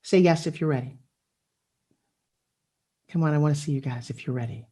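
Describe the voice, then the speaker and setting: Her voice sits low, dark and slightly rough, at a normal speed. A middle-aged motivational speaker addressing people over a video call from her living room, she alternates intimate, earnest storytelling with rousing calls that rally the crowd.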